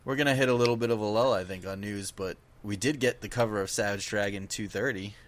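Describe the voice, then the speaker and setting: Low-voiced eager podcast man. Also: fast. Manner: eager, jumps in with questions. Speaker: podcast co-host. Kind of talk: casual chat.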